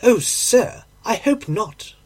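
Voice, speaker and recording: Guy putting on a fussy landlady voice, raised and breathy, keeps calling you sir. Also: sits high, animated, slow pace, a little mellow, pitched above the performer's own voice, full character voice. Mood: protesting. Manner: eager, deferential. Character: chatty respectful older London landlady.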